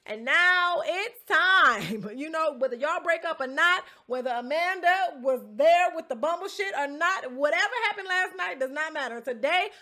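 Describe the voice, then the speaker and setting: Young woman gossiping thru a show recap, high bright voice, slangy and laughing a lot. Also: normal speed, few pauses. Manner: animated, chatty, slangy, laughs often. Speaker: podcast host recapping a reality show. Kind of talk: casual storytelling recap.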